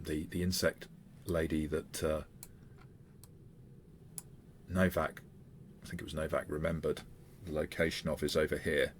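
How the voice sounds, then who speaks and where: A male game master with a very low voice narrates a tabletop game in a halting way, pausing and restarting as he goes. A faint hiss sits under the recording. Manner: halting, with many fillers and restarts.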